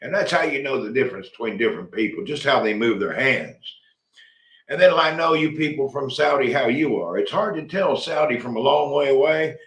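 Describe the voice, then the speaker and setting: A middle-aged man from Tennessee, hosting a rambling, animated live chat and reading out viewer comments. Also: mid-range voice, brisk, echoey room. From Tennessee, USA. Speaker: livestream host.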